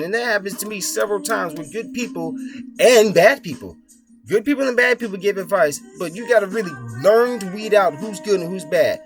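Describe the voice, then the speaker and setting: A young man giving a blunt, profane, rambling motivational talk as the host of his own videos. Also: high voice. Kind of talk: casual motivational monologue. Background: soft music playing.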